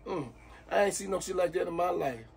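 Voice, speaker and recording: A man's voice: high-pitched, quick pace, creaky, husky. A man, an uncle caught in a prank, ranting in exasperation, swearing constantly and repeating himself.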